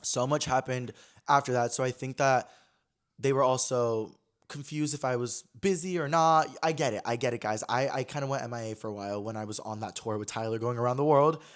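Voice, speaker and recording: A young man in his twenties hosting a podcast, telling a personal story in a chatty, animated way full of fillers and quoted voices. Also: medium pitch, brisk. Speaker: podcast host. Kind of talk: casual storytelling chat.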